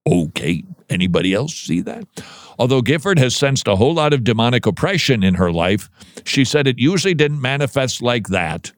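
A man's voice: medium pitch, very animated, normal speed, no echo, studio quality. A man hosting Christian commentary, reading news items and answering them in an earnest, emphatic, preacherly way.

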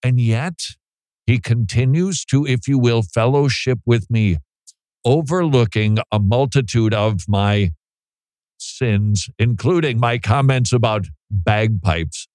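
A man's voice: medium pitch, slow, darkish tone, no echo, clean studio sound. A man hosting a talk radio show, chatting casually with joking, self-deprecating asides.

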